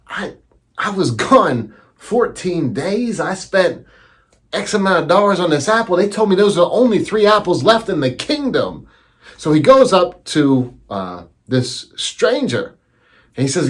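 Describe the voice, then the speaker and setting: A man telling a teaching story as a lesson, animated and acting out the voices he quotes. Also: high-pitched, unhurried, breathy edge.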